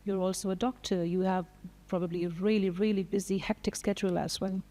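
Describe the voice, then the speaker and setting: A woman moderating a panel discussion, speaking in a measured, reflective way. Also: medium pitch, steady tone, mellow. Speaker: panel host. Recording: long hall reverb.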